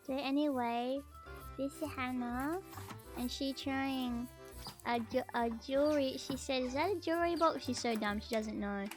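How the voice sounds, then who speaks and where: A woman streamer chatting casually while reacting to a video, playful, her voice jumping much higher when excited. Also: unhurried, faint music behind.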